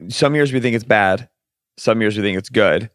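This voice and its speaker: Low-voiced man musing aloud. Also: moderate pace, no room sound, clean studio sound. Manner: musing, asks rhetorical questions. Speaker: podcast co-host. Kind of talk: casual chat.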